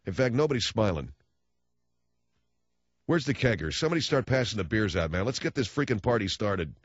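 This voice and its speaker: A man's voice: on the low side, big pitch swings, fairly quick, dry recording, lo-fi sound. Sarcastic ranting male radio host. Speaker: radio talk show host. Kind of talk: political rant on talk radio.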